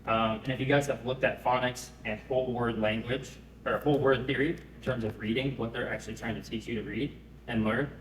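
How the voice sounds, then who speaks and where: A man giving a live pitch presentation to an audience, conversational and often checking in with them. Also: steady tone, fairly quick, slight background noise. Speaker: startup founder pitching. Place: event room. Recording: echoey room, mic at a distance.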